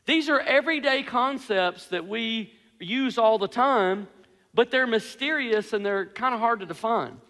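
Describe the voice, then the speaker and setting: Emphatic high-voiced male preacher. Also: a little slow, pushed and bright. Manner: earnest, emphatic preaching with repeated phrases. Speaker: pastor. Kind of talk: sermon. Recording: long hall reverb.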